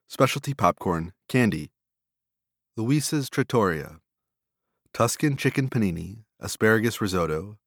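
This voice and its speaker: A man with a very low voice reads a long list of vendors and dishes, item after item. His delivery is steady and flat. The sound is dry and close, with no room echo. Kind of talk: reading a list of food vendors.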